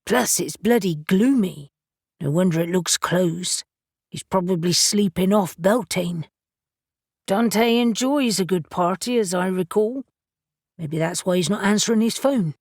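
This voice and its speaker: A woman's voice: lowish voice, measured pace, darkish tone, no echo, studio quality. A woman narrator voicing a practical, sceptical man who reasons things out wryly. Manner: reasoning, wry.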